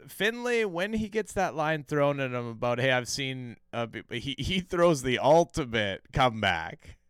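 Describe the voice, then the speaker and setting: A man's voice: medium pitch, sing-song, a little slow, fairly bright tone, clean tone, no echo, studio quality. A man co-hosting a podcast, recapping a TV episode in casual, profane chat full of fillers and restarts.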